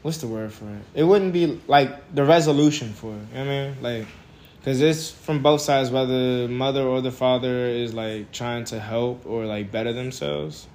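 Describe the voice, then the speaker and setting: A man's voice: medium pitch, normal speed, a little mellow. A man hosts a casual podcast and speaks in a mid-range voice. He stops and starts as he hunts for the right word. A faint noise hangs in the background. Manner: hesitant, searching for words. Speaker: podcast host.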